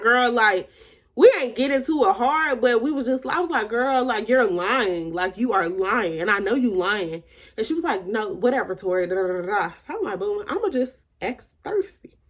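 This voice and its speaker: A woman's voice: fairly high pitch, husky. Candid woman telling a storytime. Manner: emphatic, repeats "like" often; candid, retells dialogue with shifting emphasis. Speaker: storytime vlogger. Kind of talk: casual storytime.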